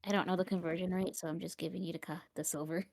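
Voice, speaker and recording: Low-voiced chatty woman player. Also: level tone, rapid-fire, creaky, darkish tone, dry recording. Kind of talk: casual tabletop chat.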